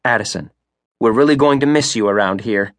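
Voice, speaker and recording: A man reading an audiobook voices a sharp, spunky female operations manager in a brisk, wry, businesslike way. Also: lowish voice, dry recording, clean studio sound, lightly acted. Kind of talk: audiobook character voice.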